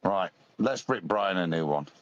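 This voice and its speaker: A man's voice: low voice, expressive, measured pace, dry recording, highs cut off. A man chatting on a live stream, laying out details in a matter-of-fact way. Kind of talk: casual live-stream chat.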